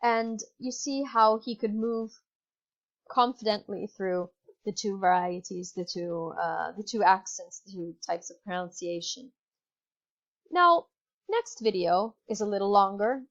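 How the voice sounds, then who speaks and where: Through a dull lo-fi computer mic, a woman with an Italian accent teaches English in a recorded online lesson. Her mid-range voice is expressive and measured in pace, and she is patient and instructive, with fillers and self-corrections along the way.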